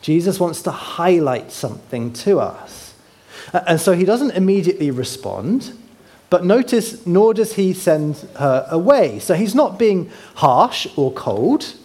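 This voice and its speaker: A man preaching with a slightly high voice, walking his congregation through a map. He talks conversationally and keeps putting questions to the room. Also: very animated, a little slow, a little mellow. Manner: points to a map while teaching. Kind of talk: sermon.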